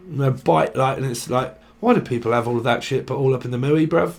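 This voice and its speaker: A man's voice: mid-range voice, quick pace, creaky, few pauses. A man giving a rambling, casual tarot reading, swearing and jumping between word associations. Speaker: tarot reader.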